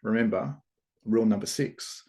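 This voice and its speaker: A man doing a calm, smiling prime minister. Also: on the low side, lightly acted. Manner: calm, gentle, unhurried.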